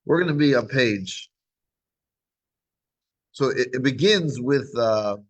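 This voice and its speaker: A man's voice: medium pitch, takes it slowly, low-quality recording. Man teaching a scripture class. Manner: retells scripture as lively dialogue, frequent restarts.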